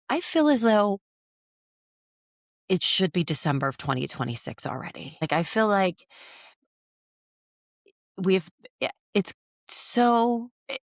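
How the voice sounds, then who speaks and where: Woman cohost with a low voice, musing and thinking out loud, lots of restarts, dry recording. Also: very animated, measured pace, creaky, long pauses, dry recording. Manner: reflective, thinks aloud with restarts. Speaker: podcast co-host. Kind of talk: casual chat.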